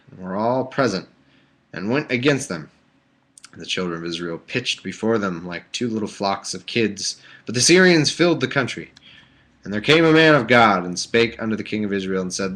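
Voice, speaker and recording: A man hosting a home livestream on a webcam or desk mic reads Bible passages aloud in a lowish, fairly bright voice. His casual reading takes on a mock-solemn tone before breaking off into sarcastic jokes.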